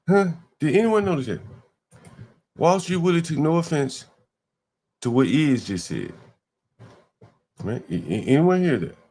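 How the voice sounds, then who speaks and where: This livestream host's voice is a little high and sing-song, with a darkish tone, a measured pace, and long pauses. He rants emphatically, asking one rhetorical question after another.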